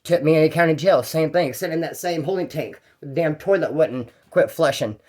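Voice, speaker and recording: A man's voice: a little high, fairly quick, a little mellow. A man telling his own jail stories in a casual, rambling, slang-heavy way. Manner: rambling and slangy, with fillers and restarts. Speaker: storyteller. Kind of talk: casual first-person jail story.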